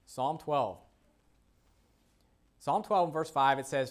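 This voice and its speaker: Male pastor, mid-pitched, casual pulpit talk, checks in with "okay?", reads verses aloud. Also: a little slow, long pauses. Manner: conversational, peppered with "okay?" and "you know"; reads scripture aloud in King James wording. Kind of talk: sermon.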